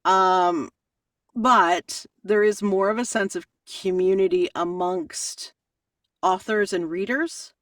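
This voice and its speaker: A woman audiobook narrator answering interview questions in a chatty, animated way, often laughing. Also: medium pitch, takes it slowly, dry recording, studio quality, recorded from a distance.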